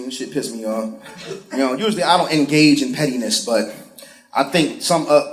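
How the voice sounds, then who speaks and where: A man doing live stand-up comedy, profane and animated, acting out other people's voices. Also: mid-range voice. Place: comedy stage before a laughing audience. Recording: roomy live venue with crowd laughter.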